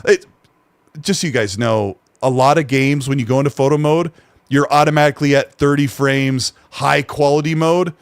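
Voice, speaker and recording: A man's voice: mid-range voice, moderate pace, clean tone, dry recording. A man hosting a gaming podcast, chatting casually and rambling with frequent self-corrections. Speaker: podcast host.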